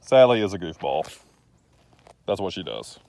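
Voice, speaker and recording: A man's voice: deep voice, very animated, normal speed, vocal fry, darkish tone, no room sound. A middle-aged man, rambling in a casual, folksy, self-deprecating way as he catches viewers up on his trucking business outdoors. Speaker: trucking business owner vlogger.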